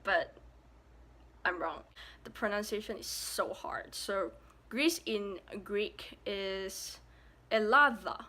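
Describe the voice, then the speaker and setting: A woman's voice: medium pitch, takes it slowly, fairly bright tone. A young woman from Malaysia casually vlogging, playful and self-mocking, repeating words as she tries to pronounce them. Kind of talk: casual pronunciation vlog.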